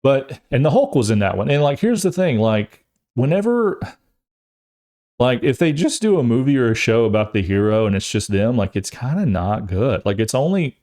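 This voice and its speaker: A young adult man hosting a podcast, chatting casually and rambling, jokey and animated, often restarting his sentences. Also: medium pitch, normal speed. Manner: animated, acts out quotes in funny voices. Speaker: podcast host. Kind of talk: casual chat.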